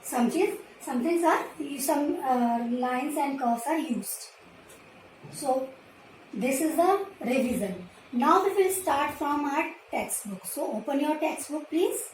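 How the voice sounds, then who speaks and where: A woman with an Indian English accent teaching nursery children, repeating letters and words slowly and clearly so they can copy her. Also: high voice, animated, recorded from a distance. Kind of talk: slow, patient classroom teaching to small children. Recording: roomy echo, voice from away from the mic, faint background noise.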